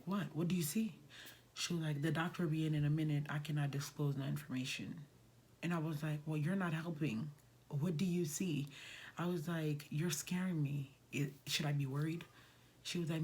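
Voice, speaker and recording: A woman's voice: deep voice, darkish tone, breathy edge. A woman vlogger telling a personal story in a casual, conversational way, sometimes dropping to a near whisper.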